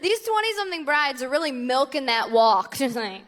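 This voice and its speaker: A woman doing stand-up comedy with dry, self-deprecating quick punchlines, live before an audience. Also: sits high, big pitch swings, a bit bright, slight background noise. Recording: live stage recording, crowd laughter. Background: audience laughter.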